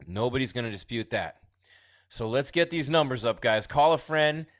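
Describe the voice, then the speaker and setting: A man's voice: medium pitch, animated, moderate pace, no echo, clean studio sound. A man hosting a casual live stream, reading viewer comments and chatting about an upcoming fight. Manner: chatty, reads viewer comments aloud, trails off quietly. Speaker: livestream host reading chat.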